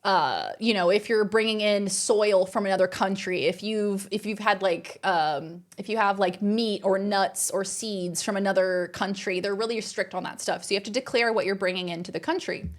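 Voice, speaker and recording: A woman streamer telling a story to her live chat in a lively, exasperated way, swearing freely. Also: mid-range voice, normal speed, hardly any pauses. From Australia.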